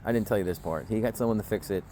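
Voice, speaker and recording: A man with a lowish voice tells a grudge story in a blunt, aggrieved way and swears freely. He's recorded outdoors, with faint birdsong and woodland ambience behind him. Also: very fast, dark tone, a little hiss or hum. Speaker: vlogger. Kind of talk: casual storytelling rant. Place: outdoors in the woods.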